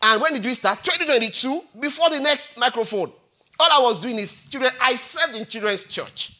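A man in his forties preaching a sermon as pastor, animated and repetitive, often checking in with the congregation. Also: very high voice, normal speed. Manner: animated, repetitive, peppered with "all right?" and "hallelujah".

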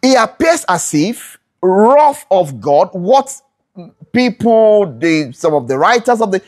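Slow speech and big pitch swings characterize this mid-range voice. A Bible study teacher, they explain scripture with rhetorical questions repeated for emphasis, keep asking "all right?" to check in, and correct themselves mid-sentence.

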